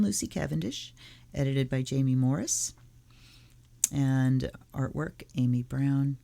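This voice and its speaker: A woman hosting her own tarot channel, casually reading aloud from a card deck and its guidebook, slowly and softly, half-whispering some card titles. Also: low-pitched, vocal fry.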